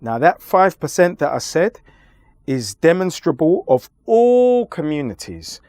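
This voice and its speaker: A man being interviewed, arguing his points in a forceful, lecturing way with deliberate pauses. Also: fairly high pitch, big pitch swings, no echo, studio quality. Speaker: interview guest. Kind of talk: emphatic conversational argument.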